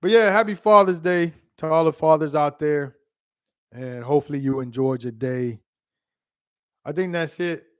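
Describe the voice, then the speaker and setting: A man in his thirties telling childhood stories casually to his phone camera, animated and laughing, with quick asides and repeated words. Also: a little high, smooth. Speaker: vlogger.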